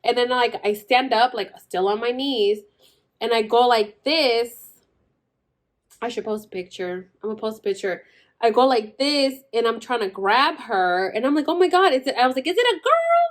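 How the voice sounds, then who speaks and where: A woman's voice: fairly high pitch, normal speed. A young woman vlogger telling her birth story in a chatty way, full of "like" and "girl", acting out the other people's lines. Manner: chatty, says "like" and "girl" constantly, acts out quoted voices. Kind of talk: casual storytelling.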